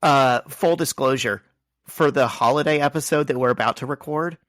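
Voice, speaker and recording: A man co-hosting a podcast in casual chat, relaxed and rambling, with plenty of fillers. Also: mid-range voice, normal speed, no room sound, clean studio sound. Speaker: podcast co-host.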